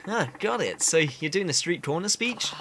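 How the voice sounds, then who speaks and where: A man voicing a blunt, upbeat young reporter who talks quickly. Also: high voice, animated, sharp tone, slight background noise, pitched above the performer's own voice, exaggerated voice. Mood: surprised.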